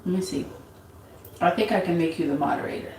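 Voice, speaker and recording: A woman hosting a casual tarot livestream, reading viewers' names from the chat and answering them in an unhurried way. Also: lowish voice, darkish tone, echoey room, recorded from a distance, a little hiss or hum, low-quality recording. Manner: unhurried, reads chat names aloud, laughs easily.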